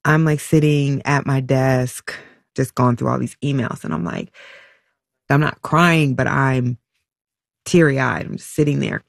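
Gravelly woman telling a painful story. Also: extremely low pitch, no room sound, studio quality. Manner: halting and emotional, full of "like" and restarts. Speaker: interview guest, mother. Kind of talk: personal storytelling in an interview.

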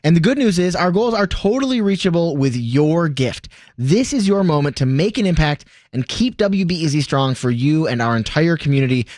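A man's voice: on the high side, lively intonation, moderate pace, a little mellow, no echo. Chatty male radio co-host, dry studio. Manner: eager and chatty. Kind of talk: call-in radio chat and pledge appeal.

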